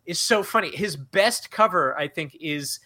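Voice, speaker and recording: A middle-aged man in casual podcast chat, telling stories in an animated way and laughing as he goes. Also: fairly high pitch, unhurried. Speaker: podcast guest, song parodist.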